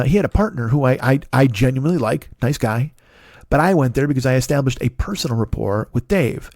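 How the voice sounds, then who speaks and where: A comedian and podcast host in his fifties, with a mid-range, darkish voice, gives a rambling, self-deprecating comic monologue, swearing often and restarting sentences. The recording is dry and studio quality.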